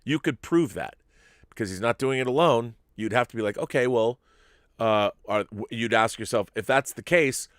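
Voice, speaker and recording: A man hosting a casual live-stream chat, rambling and animated, restarting his sentences, a little giddy and loopy. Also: mid-range voice, moderate pace, no echo, studio quality. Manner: rambling and animated, self-interrupting. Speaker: show host.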